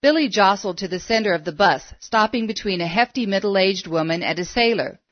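Female storybook narrator, steady and measured, dry and dull lo-fi recording. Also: mid-range voice, no echo.

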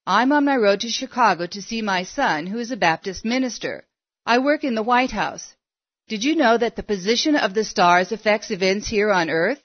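A woman's voice: mid-range voice, animated, moderate pace, no echo, close to an everyday voice. Storybook reading: woman voicing an insistent middle-aged female astrologer, coaxing, on a dry, dull recording.

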